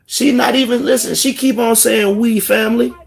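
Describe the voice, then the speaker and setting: A man's voice: very high voice, fairly even intonation, fairly quick, vocal fry, husky. A man hosting a live call-in stream, lecturing a caller heatedly and with profanity while talking over her. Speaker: livestream host.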